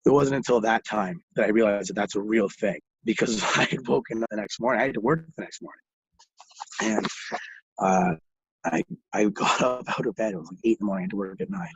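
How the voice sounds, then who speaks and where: A man's voice: on the low side, a little fast, husky, dry recording, poor audio. A young man telling rambling stories in casual chat, laughing through them and swearing a lot. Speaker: guest.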